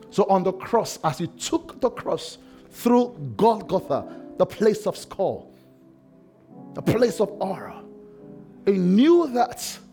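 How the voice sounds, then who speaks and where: A male pastor delivers an impassioned sermon in a notably high voice. He swings from shouted cries to hushed, quiet lines. Soft music plays faintly under him.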